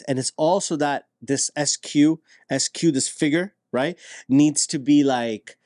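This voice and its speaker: A man speaking as a guest in a casual podcast conversation, animated and acting out quoted dialogue. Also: a little high, a little slow, no room sound, clean studio sound.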